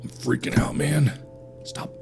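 A man's voice: a little slow, a little mellow, faint music behind. A man hosting a horror game let's play, talking to himself, jumpy and reacting with frantic repeats and swearing. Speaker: gaming channel host.

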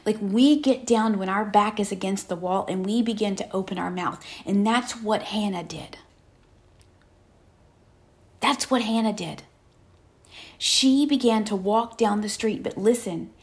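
A woman preaching a conversational sermon in an earnest tone, often turning to her listeners with a quick "right?". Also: medium pitch.

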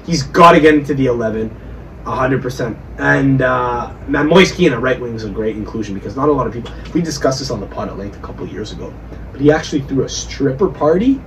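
A man's voice: mid-range voice, expressive, fast talker. A man hosting a podcast, drunk, rambling and swearing as he riffs in casual chat. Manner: rambling, profane, riffing. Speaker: podcast host. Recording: distant mic with faint background noise.

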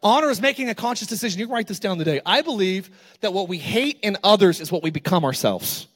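A man with a notably high voice preaches with lively storytelling energy. He slips into casual asides, then rises to loud, emphatic calls to his congregation. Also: fast talker. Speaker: pastor. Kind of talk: sermon.

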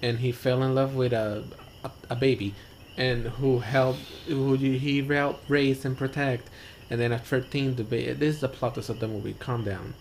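A man's voice: medium pitch, steady tone, normal speed, few pauses. Man rambling in mixed English and Spanish. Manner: code-switches English and Spanish, rambling plot recaps. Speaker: podcast co-host. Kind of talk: casual chat. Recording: faint background noise.

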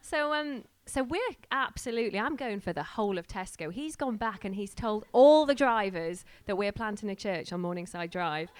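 A woman's voice: mid-range voice, lively intonation, moderate pace, few pauses, smooth, dry recording. A woman who is starting a church tells a casual, laughing story and acts out the voices of the people in it. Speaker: church planter sharing a story.

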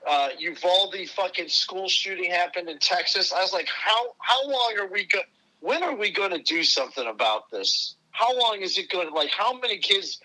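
A middle-aged man from the United States rants with fury, swearing constantly and pressing for agreement. His voice is very bright and tense, sitting fairly high. He talks as a podcast guest. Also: poor audio. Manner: furious, heavy swearing, repeated "right?". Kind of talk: profane angry rant.

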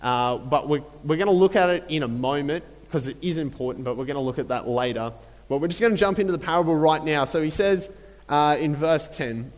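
Casual preacher with a fairly high voice. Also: male voice, big-room sound, rough recording. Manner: conversational, repeats phrases, many fillers. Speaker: pastor. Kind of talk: sermon.

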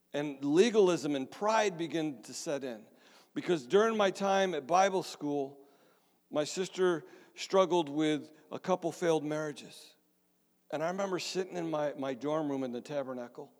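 A middle-aged man, a pastor, telling his own story in a sermon with a conversational, self-deprecating manner and frequent restarts. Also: fairly high pitch. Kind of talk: sermon testimony. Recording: long hall reverb.

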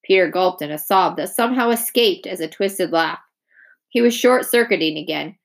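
A woman reading a chapter of a novel aloud in a calm, even storytelling manner. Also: on the low side, moderate pace, vocal fry. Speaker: audiobook reader.

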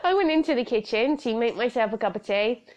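Quick-paced and lively, her voice on the high side, this British podcast host in her 30s talks on her own show in a chatty, meandering way. She laughs often, and the audio has a slightly dull, lo-fi quality.

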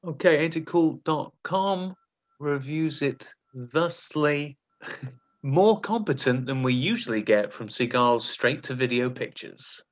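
A man hosting a comedy podcast, reading out quotes and acting out silly movie lines in a quick, joking way. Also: on the high side, lively intonation. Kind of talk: comedic casual chat.

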